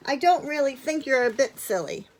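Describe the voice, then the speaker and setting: A woman's voice: sits high, lively intonation, normal speed, darkish tone, voice pushed up. A woman doing a timid little girl doll. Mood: pleading. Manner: fretful, pleading.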